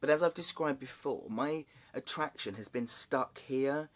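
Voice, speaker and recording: A man sharing a personal story in a candid, halting way, with nervous laughs and frequent restarts. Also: mid-range voice. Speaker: vlogger. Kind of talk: personal confessional vlog.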